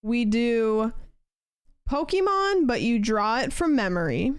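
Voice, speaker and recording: A woman's voice: a little high, animated, slow, clear, resonant tone, no echo, studio quality. A young woman streaming a game, chatting casually and rambling as she answers her chat. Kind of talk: casual chat while gaming.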